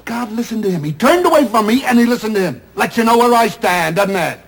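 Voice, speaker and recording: An actor playing a middle-aged theatrical agent, loud, sardonic and self-pitying, in a 1970s TV drama. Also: male voice, sits high, expressive, fast, vocal fry, breathy edge, full character voice. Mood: outraged. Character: loud, bitter, wisecracking male theatrical agent. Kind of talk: 1970s television drama acting.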